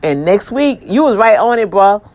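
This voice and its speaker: A woman's voice: medium pitch, lively intonation, normal speed, darkish tone. A woman hosting her online radio show, thanking listeners in an effusive, preachy manner full of praise-God exclamations. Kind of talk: casual talk with listener shout-outs.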